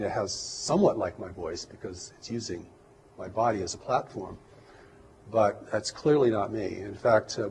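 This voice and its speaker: A man speaking as an interview guest, measured and reflective, often pausing and restarting his sentences. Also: lowish voice, noisy background. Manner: measured, hesitant, with many restarts and fillers. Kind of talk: earnest reflective interview talk.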